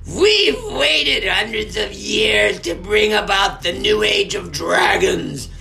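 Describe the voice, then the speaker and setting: A man voicing a centuries-old, cruel villainous sister who shouts shrilly and impatiently in a storybook reading. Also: sits high, slow, vocal fry, soft background music, voice pushed up, full character voice. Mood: shrill impatient. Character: shrieking ancient dragon-like sister, impatient and cruel.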